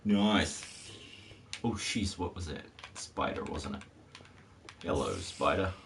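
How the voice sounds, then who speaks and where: A man's voice: deep voice, takes it slowly, distant mic. A man, chatting in a rambling, wry way as he streams a game. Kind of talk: casual live-stream commentary. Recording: voice a bit off-mic with faint hiss.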